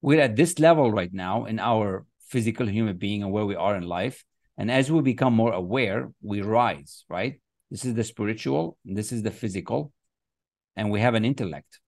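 A man's voice: fairly low pitch, animated, moderate pace, gravelly, darkish tone, no room sound, studio quality. A man teaching a motivational class, speaking emphatically and often repeating phrases and affirmations. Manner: emphatic and repetitive, chanting affirmations. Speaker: success coach. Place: online class, writing on screen with a mouse.

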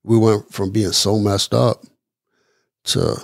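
A middle-aged man from the Midwest of the United States, telling his personal story as a podcast guest in an earnest, halting way, repeating words as he goes. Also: lowish voice, flat delivery, vocal fry, darkish tone, dry recording, studio quality. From East Chicago, Indiana. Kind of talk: personal testimony interview.

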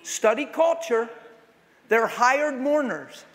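A man preaches to a crowd in a big echoing hall, his voice pitched high for a man. He tells his stories with animation and breaks into acted voices and wailing. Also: animated, takes it slowly, fairly bright tone. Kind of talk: sermon. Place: large hall with audience. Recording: long hall reverb.

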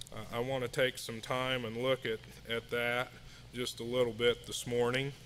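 A man giving a sermon at a house church, reading scripture and hymn lyrics in a measured way. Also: mid-range voice, bright, forceful tone, a little hiss or hum. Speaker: lay preacher. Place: house church meeting room.

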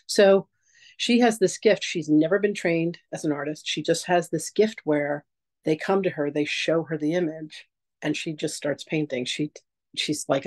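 Lady teaching a class, chatty and animated, acts out little quotes. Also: low-pitched, normal speed, rough recording. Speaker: psychic teacher. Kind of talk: casual masterclass talk.

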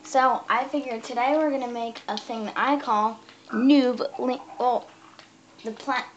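A woman's voice: a little high, steady tone, measured pace, muffled recording, a little hiss or hum. A woman hosting a casual game tutorial, chatty and bossy as she explains and shushes a friend. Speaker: gaming channel host. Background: background music.

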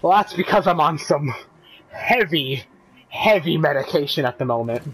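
A man commenting deadpan as he plays a video game, playing the straight man to a comic partner. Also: on the high side, normal speed, gravelly, breathy edge, soft background music. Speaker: gamer. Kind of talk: comedic gameplay commentary.

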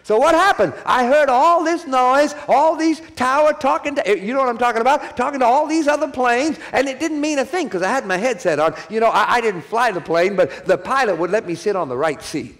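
A man's voice: very high-pitched, animated, a little fast, hardly any pauses, a bit bright. A man preaching a sermon at a church conference, repeating key phrases and calling for the audience to answer back.

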